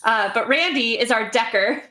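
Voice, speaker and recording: A woman's voice: fairly high pitch, moderate pace, sharp tone. A woman hosting a game stream, chatting casually with frequent ums and uhs as she wraps up. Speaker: host. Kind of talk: casual livestream wrap-up.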